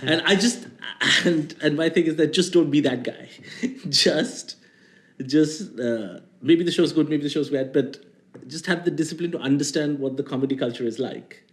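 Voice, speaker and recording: A man's voice: on the high side, normal speed, reverberant. Self-mocking man with a posh Indian English accent. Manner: rambling, self-mocking, lots of fillers. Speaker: comedian guest. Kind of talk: casual interview chat.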